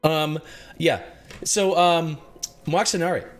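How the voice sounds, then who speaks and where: A man narrating a tabletop game as game master, halting with many pauses and restarts. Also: on the high side, fairly even intonation, faint music behind.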